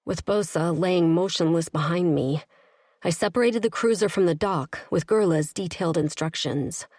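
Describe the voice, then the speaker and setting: Low-voiced woman reading a romance audiobook. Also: a little mellow, no room sound, studio quality. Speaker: audiobook narrator. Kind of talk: first-person romance audiobook narration.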